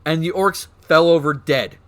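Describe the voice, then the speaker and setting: Excitable man chatting on stream. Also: fairly high pitch, normal speed. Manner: excitable, swears, restarts and laughs often. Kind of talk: casual stream chat about game lore.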